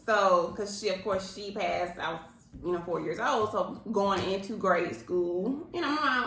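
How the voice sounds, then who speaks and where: A woman's voice: mid-range voice, a little slow, slight background noise. A woman, talking candidly and expressively in casual chat. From Alabama, US. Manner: candid, expressive, dialect-heavy talk. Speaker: co-host. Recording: roomy echo.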